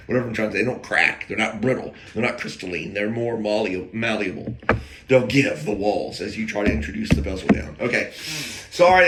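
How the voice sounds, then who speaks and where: A man's voice: on the low side, pushed and bright, slight background noise. A man casually telling an anecdote, rambling with wry, self-aware digressions. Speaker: storyteller. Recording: echoey room.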